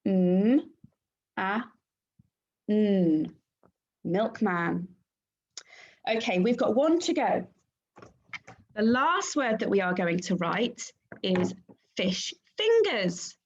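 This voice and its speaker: A woman teaching a phonics lesson to young children, sounding out letters and syllables clearly and praising the class. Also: medium pitch, expressive, very slow, pauses often, darkish tone, muffled recording. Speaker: primary school teacher.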